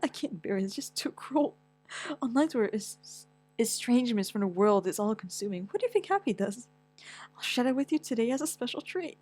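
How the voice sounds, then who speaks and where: A young woman reading a manga aloud with dramatic, stammering delivery and wailing outbursts. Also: no room sound. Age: young adult. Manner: animated, quick pitch swings, stammers, whiny wails. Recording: dry close mic with faint music.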